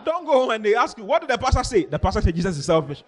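A male pastor preaching a lively sermon, reading scripture and acting out the people in it, sometimes shouting. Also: very high-pitched, racing, few pauses, some chatter behind, a little hiss or hum. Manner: animated, shouting out and acting out Bible characters.

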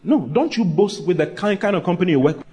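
A male preacher delivers a lively sermon to a congregation that answers back. His voice sits a little high for a man, and he mixes scripture with teasing, humorous asides and repeated lines. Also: quick pace. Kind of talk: sermon with call and response. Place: church with a live congregation.

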